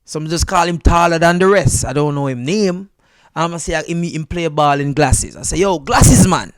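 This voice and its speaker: A Jamaican comedian telling a story in an interview, lively and jumping into high voices for the people he quotes. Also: brisk, clear, resonant tone, dry recording. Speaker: comedian guest. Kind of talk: animated storytelling.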